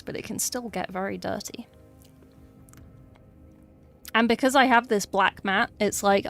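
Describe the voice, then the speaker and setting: A woman's voice: mid-range voice, normal speed, gravelly, a bit bright. A young English woman chatting casually with her livestream chat while painting, wry and talkative. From England. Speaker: streamer painting miniatures. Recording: faint music behind.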